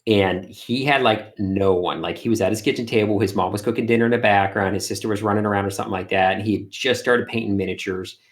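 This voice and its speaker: Brief: lower-pitched man, eager guest, lots of "like" and "you know". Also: fast talker, hardly any pauses. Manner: energetic storyteller, lots of fillers. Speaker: guest, art streamer. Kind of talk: casual interview chat.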